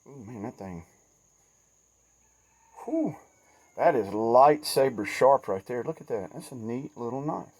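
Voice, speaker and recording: A middle-aged Southern man rambling in a folksy, good-humored way at a mid-range pitch, still sweaty and shaky after working outdoors. Crickets and insects chirp behind him in the woods. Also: normal speed, few pauses. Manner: folksy, chatty, self-deprecating. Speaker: outdoors vlogger. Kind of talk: casual outdoor vlog.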